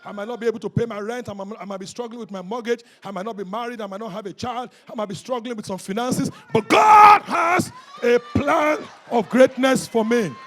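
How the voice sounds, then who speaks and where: A pastor preaching a rousing sermon at a church service, calling out to the congregation and often shouting. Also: male voice, sits high, fairly even intonation, very fast, hardly any pauses.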